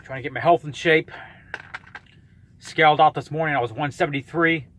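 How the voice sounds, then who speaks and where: A man's voice: on the high side, fairly even intonation, a little fast, fairly bright tone, slight background noise. A man in his thirties ranting in a vlog, blunt, combative and profane as he calls out a rival. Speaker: YouTuber calling out a rival.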